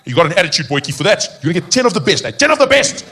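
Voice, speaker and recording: A man voicing a stern middle-aged father scolding his son in a gruff way. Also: on the high side, lively intonation, racing, a bit bright.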